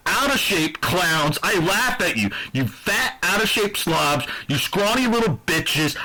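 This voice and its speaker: Husky, animated ranting man from New Jersey. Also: on the high side, rough recording. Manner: profane, aggressive, heated ranting. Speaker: YouTube sports channel host. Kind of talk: ranting sports picks monologue.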